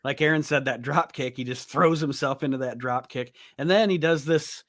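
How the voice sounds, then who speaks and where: A man's voice: mid-range voice, normal speed. A man co-hosting a podcast, easygoing in casual chat, laughing along and swearing now and then. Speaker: podcast co-host.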